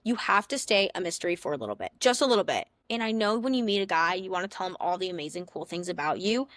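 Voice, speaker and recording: A woman's voice: fairly low pitch, expressive, fast talker, a bit bright, no echo, studio quality. A young woman who hosts a podcast, giving sassy, playful dating advice in a casual big-sister tone. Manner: chatty, sassy, playful big-sister tone, acts out little scenes in other voices. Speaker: podcast host.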